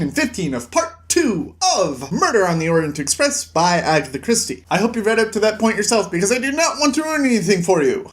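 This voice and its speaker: Fast, excitable male book reviewer with a fairly high voice, casual recap. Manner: quick, excitable retelling.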